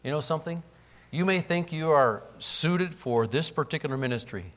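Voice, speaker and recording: A male pastor preaches with a high, expressive voice. He climbs to loud exclamations, then drops to near-hushed asides, and acts out the characters he quotes along the way. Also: moderate pace. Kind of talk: sermon.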